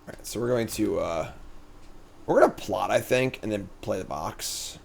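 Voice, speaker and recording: A man casually commentating his own card game as a streamer, thinking out loud in a chatty way. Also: lowish voice, moderate pace, creaky, slight background noise. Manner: chatty, thinks aloud, animated swings in energy.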